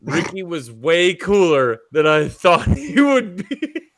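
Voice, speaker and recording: Man, tipsy host, lively swooping voice, slow drawn-out talk, dry close sound. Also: high voice, dry recording. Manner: boisterous, swearing, laughing often, tipsy. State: tipsy from drinking. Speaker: podcast host. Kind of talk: casual livestream chat.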